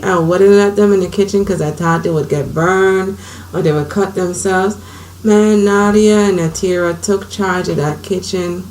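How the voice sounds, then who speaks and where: A woman's voice: lowish voice, steady tone, a little slow, a little hiss or hum, low-quality recording. A woman in her thirties telling her own life story to the camera in an earnest, conversational way. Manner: earnest, conversational, drifts softer at times.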